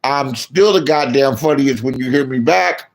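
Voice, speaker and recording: A man ranting casually as a streamer giving commentary, blunt and profane, swinging between low mutters and loud outbursts. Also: moderate pace, vocal fry.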